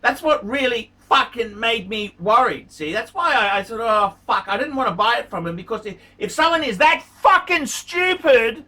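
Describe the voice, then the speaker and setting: Ranting vlogger, male: furious, foul-mouthed, pitch leaping all over, bright edge to the voice. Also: animated, moderate pace, few pauses, recorded from a distance. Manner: furious, swearing, repeats insults. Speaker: watch vlogger. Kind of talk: angry profane rant to camera.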